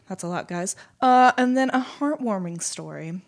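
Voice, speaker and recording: A woman's voice: mid-range voice, lively intonation, measured pace. Chatty woman podcast co-host. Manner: chatty, reads out news and schedules with joking asides. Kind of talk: casual esports podcast chat.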